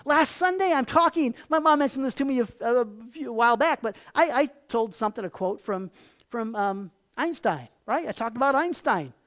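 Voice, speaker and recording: A pastor preaching a sermon with animated storytelling and emphatic turns. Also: mid-range voice, moderate pace.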